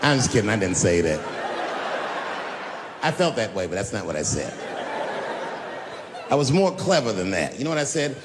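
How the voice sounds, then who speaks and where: A male comedian doing a stand-up set, telling profane stories that swing from shouts to low mutters. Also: very animated, normal speed, long pauses, in a large hall, very noisy.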